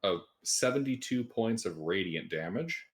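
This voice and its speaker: A man's voice: fairly low pitch, lively intonation, unhurried. A man running a tabletop game as game master, in an easygoing way.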